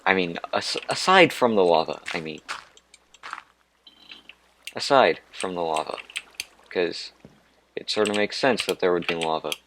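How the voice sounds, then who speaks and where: Deep-voiced man rambling over gameplay. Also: expressive, a little slow, pauses often, fairly bright tone, slight background noise. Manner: rambling, digressive and self-mocking. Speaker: let's play host. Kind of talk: gameplay commentary.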